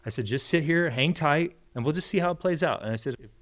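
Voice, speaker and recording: A man, a podcast guest, telling a story in a casual, animated way and acting out the quoted lines. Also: fast talker. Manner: animated storyteller, acts out quotes with big pitch jumps.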